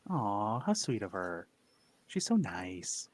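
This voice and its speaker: A man's voice: on the low side, very animated, slow, a crowd in the background. A man chatting casually as a guest on a stream, teasing his friend with crude jokes. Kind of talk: casual chat.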